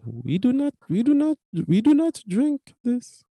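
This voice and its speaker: A man voicing an earnest male coffee shop clerk who lectures a customer with slow, caring warnings. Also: high-pitched, very animated, warm tone, no echo, heavily acted.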